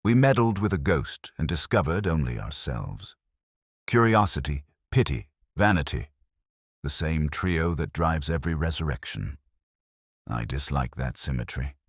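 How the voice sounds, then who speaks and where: Man reading aloof genius detective, very deep voice, husky, precise formal delivery. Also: very animated, dry recording, studio quality, exaggerated voice. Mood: dry. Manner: measured, precise, dryly formal. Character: stout, aloof male genius detective, older. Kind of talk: audiobook character reading.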